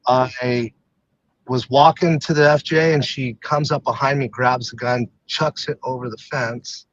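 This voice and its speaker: A man's voice: mid-range voice, fairly even intonation, measured pace, fairly bright tone, dry recording, muffled recording. A man, a retired fighter, talking candidly as a podcast guest, stopping and restarting often with many fillers. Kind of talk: candid personal storytelling.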